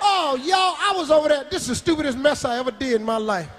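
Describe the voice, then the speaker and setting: A man doing a stand-up comedy routine, telling a story loudly and shouting punchlines on a live stage. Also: very high-pitched, lively intonation, fast talker. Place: large theater with live audience. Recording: live stage recording with audience laughter and noise.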